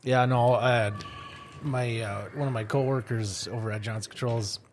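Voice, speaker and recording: A man's voice: mid-range voice, fairly even intonation, normal speed, background noise. A man with an Upper Midwest American accent, telling a joke in a casual studio chat, cursing freely. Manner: loose storyteller, cursing, doing character voices. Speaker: podcast co-host.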